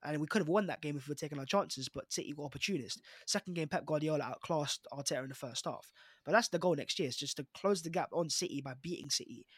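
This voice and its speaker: A man's voice: fairly high pitch, husky, no room sound, clean studio sound. A young man with a London accent arguing emphatically in a casual football podcast debate. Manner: fast, emphatic, argumentative. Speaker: podcast panelist, Arsenal fan.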